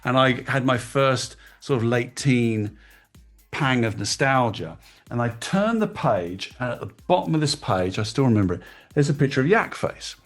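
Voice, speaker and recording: A middle-aged man from England, a guest in an interview, telling animated, emotional stories about his past in casual chat. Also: medium pitch, moderate pace, faint music behind. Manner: animated storytelling, emotional, self-deprecating. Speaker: guest, toy designer.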